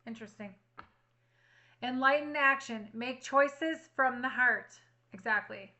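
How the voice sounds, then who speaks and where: A woman's voice: high voice, unhurried, pushed and bright, low-quality recording. A woman reading tarot cards for her viewers, earnestly reassuring them and repeating affirmations. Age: adult with a child at home. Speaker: tarot reader.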